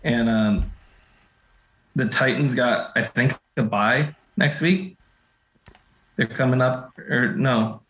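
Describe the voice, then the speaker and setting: A man's voice: mid-range voice, takes it slowly, pauses often, a bit bright, slight background noise. Male co-host, jokey sports chat, roomy echo on the voice. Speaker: podcast co-host.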